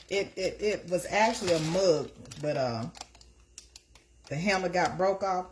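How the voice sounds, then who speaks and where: A woman's voice: medium pitch, animated, a little slow, pauses often, darkish tone. A middle-aged woman hosting a casual live stream from her kitchen, talking to her viewers in a chatty, repetitive way. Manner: chatty, talks to the chat as "y'all", repeats herself. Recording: noisy home stream with crinkling.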